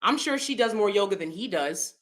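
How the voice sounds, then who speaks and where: A woman hosting her own channel, talking in a casual, animated way, often checking in with "right?" and jumping into high mocking voices. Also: brisk. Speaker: commentary channel host. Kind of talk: casual opinion commentary.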